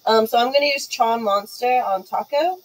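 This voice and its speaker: Woman at the game table, hesitant ums, slightly high voice. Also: normal speed, poor audio. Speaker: player. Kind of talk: casual tabletop game chat.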